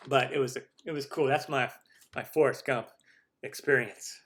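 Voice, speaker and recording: A man in his forties hosts a live question-and-answer stream, talking loosely and jokingly about himself. He rambles with lots of ums and restarts, in an ordinary mid-pitched voice. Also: fairly even intonation, normal speed, fairly bright tone. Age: 40s. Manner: chatty and rambling, self-deprecating jokes, many fillers. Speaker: cooking show host.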